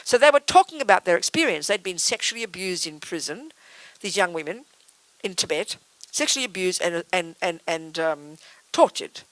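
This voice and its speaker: A woman Buddhist teacher speaks to a live audience with a bright, cutting tone. Her pitch swoops and climbs freely as she drives home blunt points with teasing asides. The sound is close and dry. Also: lively intonation, moderate pace, dry recording, poor audio. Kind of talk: public talk. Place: talk before a live audience.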